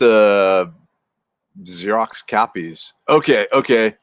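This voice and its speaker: A man's voice: fairly low pitch, dry recording. Rambling middle-aged man chatting to viewers. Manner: chatty, meandering, answers chat messages as they come in. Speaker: livestream host chatting with viewers. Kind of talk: casual rambling chat.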